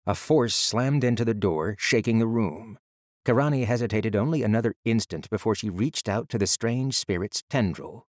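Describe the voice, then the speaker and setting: The narrator is a man with a voice on the low side, telling an audiobook story in a steady, measured manner. The recording is dry and studio quality.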